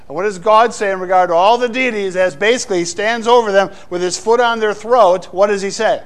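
High-voiced man preaching a lively sermon. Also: a little fast. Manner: animated, playful asides to the congregation. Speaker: pastor.

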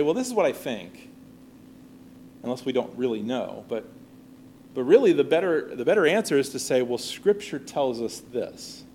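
Male Bible teacher, slightly high voice, conversational class lesson, faint background hiss. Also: darkish tone. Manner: conversational, often checks with "all right?" and "right?".

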